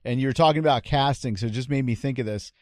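Quick-paced and darkish in tone, his mid-range voice comes through clean studio audio without room sound. He's the host of a retro game show podcast, bantering casually, spinning stories and laughing frequently.

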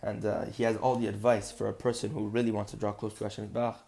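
A man's voice: on the low side, level tone, fast talker, vocal fry, mellow. A man teaching a podcast Torah lesson, earnest and building to emphatic insistence.

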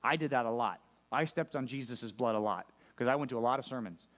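A man's voice: mid-range voice, fast, fairly bright tone. A male pastor preaching a sermon to a church congregation, talking conversationally and often checking in with his listeners. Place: church service.

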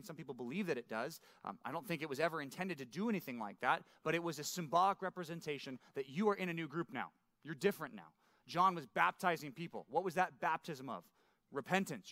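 A middle-aged male pastor with a bright, forceful voice and a slightly higher pitch, teaching scripture in a loose, conversational way. He keeps checking in with his listeners and tags his points with "right?" The recording is dry and close, with little room sound. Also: dry recording. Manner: asks the listeners questions, often tags lines with "right?". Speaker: pastor teaching a men's Bible study.

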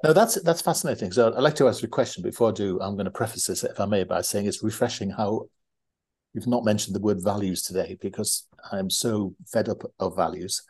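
A man's voice: lowish voice, brisk, darkish tone, slightly rough. A man hosting a podcast interview, asking thoughtful, wordy questions. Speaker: podcast host.

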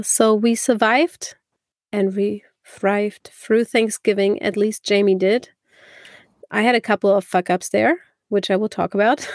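A woman's voice: mid-range voice, no room sound. Podcast co-host, woman, chatty and easygoing, swears casually, close dry mic.

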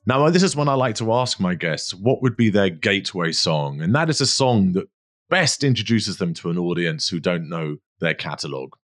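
Playful host, lively low voice. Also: male voice, moderate pace. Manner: playful, teasing, theatrical. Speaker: podcast host. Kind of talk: interview hosting.

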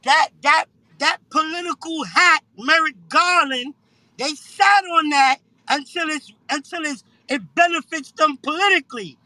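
An excitable man with a very high, bright, forceful voice rants heatedly about politics over a dry, close line. He stumbles and repeats himself as he talks over the others. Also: a little slow, no room sound, rough recording. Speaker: caller on a live audio show.

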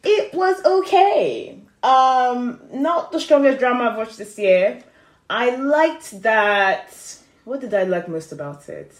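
A woman co-hosting a casual podcast, relaxed and agreeable, often murmuring along in agreement. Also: on the high side, slow. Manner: relaxed, agreeable, gives frequent murmured backchannels. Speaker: podcast co-host. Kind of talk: casual chat about dramas. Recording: echoey room.

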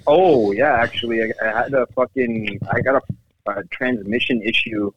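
A man's voice: medium pitch, muffled recording, slight background noise. Chill guy rambling on a podcast, stops and starts, cusses a lot. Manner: laid-back, halting, swearing. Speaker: guest. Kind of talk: casual chat.

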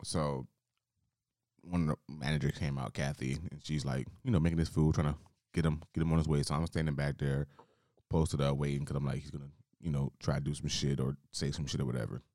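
A man's voice: rumbling low, level tone, a little fast, a little mellow, no room sound, clean studio sound. A man co-hosting a podcast, telling a work story in a laid-back, rambling way with plenty of swearing. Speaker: podcast co-host. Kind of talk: casual storytelling.

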